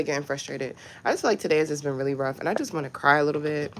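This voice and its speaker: Low-voiced woman chatting on a livestream. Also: rapid-fire, few pauses, slight background noise, poor audio. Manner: chatty and frustrated, addressing viewers directly. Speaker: livestream host. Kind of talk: casual live chat with viewers.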